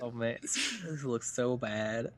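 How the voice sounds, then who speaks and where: A man's voice: mid-range voice, big pitch swings, slow pace, fairly bright tone. A man co-hosting a podcast in casual chat, goofy and fond of making sound effects. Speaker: podcast co-host.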